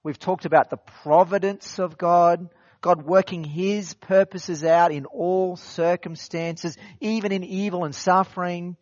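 A man's voice: high-pitched, steady tone, unhurried, a little mellow, no echo, dull audio. A man preaching an expository sermon in a conversational way, repeating phrases and asking rhetorical questions. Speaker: pastor.

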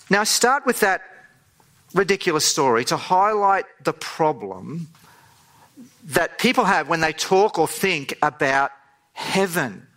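A man delivers a sermon with a bright, slightly high voice. He tells a story with animated energy and acts out the voices in it. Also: normal speed. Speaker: preacher.

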